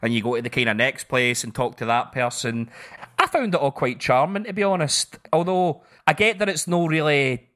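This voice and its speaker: A man co-hosting a podcast, telling stories in an animated, sweary casual way. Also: mid-range voice, normal speed. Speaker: podcast co-host. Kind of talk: casual chat.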